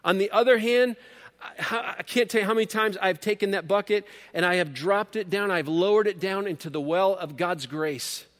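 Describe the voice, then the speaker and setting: Earnest preacher guy, voice a bit high, swells loud then goes soft, big reverb hall. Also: normal speed. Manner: earnest, builds to emphatic peaks then drops low. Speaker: pastor. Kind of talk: sermon.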